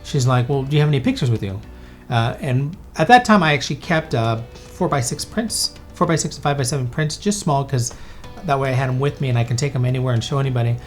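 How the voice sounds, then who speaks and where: A man in his thirties tells a story casually and at a fast clip, full of fillers and restarts. Faint music plays under his voice. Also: mid-range voice. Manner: chatty, with many fillers and quick restarts. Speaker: podcast host and photographer.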